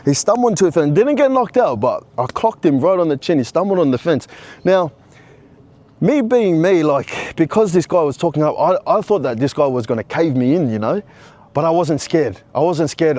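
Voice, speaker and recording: Man telling a story, slightly high. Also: animated, moderate pace, a little mellow. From Australia. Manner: conversational, full of restarts, bro and you know. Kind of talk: casual personal storytelling.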